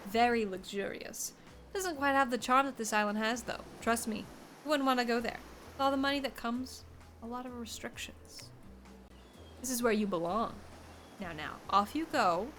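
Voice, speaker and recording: A sly, theatrical narrator of a dark dating game, smug and quietly shady, voiced by a woman. The voice stays fairly high and dry, with faint music underneath. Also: normal speed, natural voice.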